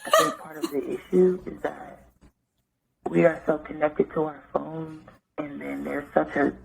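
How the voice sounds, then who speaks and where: A man's voice: a little high, expressive, a little slow, gravelly, a little hiss or hum. A man leaving a rambling voicemail in a groggy morning voice, thinking aloud with lots of fillers. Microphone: phone. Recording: tinny phone line voicemail.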